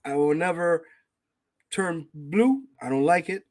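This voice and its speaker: A man's voice: a little high, lively intonation, unhurried, a little mellow. A man hosting a casual gaming podcast, ranting with heavy profanity and reading out chat names. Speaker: podcast host.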